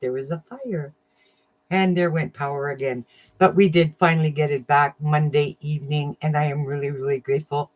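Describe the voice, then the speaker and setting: A woman hosting a casual crafting livestream, chatting warmly with viewers, getting emotional and laughing often. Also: low voice, steady tone, moderate pace. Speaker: livestream host of a crafting channel.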